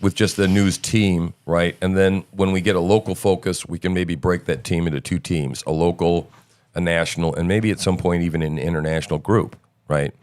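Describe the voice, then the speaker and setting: A middle-aged man with a very low, smooth and resonant voice, hosting a casual stream. He talks loosely and rambles, full of fillers and restarts. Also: fairly even intonation, normal speed, darkish tone. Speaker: show host. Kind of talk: casual live-stream chat.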